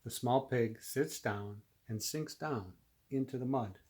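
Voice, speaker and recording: A man's voice: mid-range voice, a little slow, darkish tone. A man reading a picture book aloud to a child, stopping now and then to ask the listener questions. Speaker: reader to a child.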